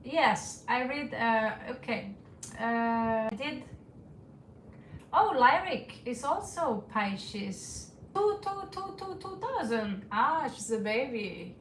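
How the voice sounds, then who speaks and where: A woman's voice: a little high, animated, takes it slowly, slight background noise. A woman with a Norwegian accent, reading tarot on a casual livestream, rambling, chuckling and swearing freely. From Norway. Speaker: tarot reader. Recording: echoey room, distant from mic.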